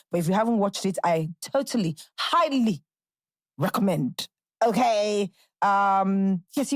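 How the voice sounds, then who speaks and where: A young Nigerian woman hosts a casual solo podcast, her voice on the low side with a darkish tone and no room sound. She chats in a bubbly way, dropping into playful quotes and impressions.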